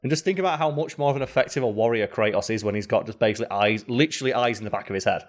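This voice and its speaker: A male podcast co-host chats loosely about a video game at a middle pitch. He is animated and jokey, and he keeps breaking into high, silly impressions of the game's characters. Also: very fast. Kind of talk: casual gaming chat.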